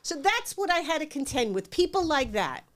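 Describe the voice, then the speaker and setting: A woman's voice: high voice, normal speed. Middle-aged New York woman telling stories. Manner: animated, acts out voices in her stories. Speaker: interview guest. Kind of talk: casual storytelling.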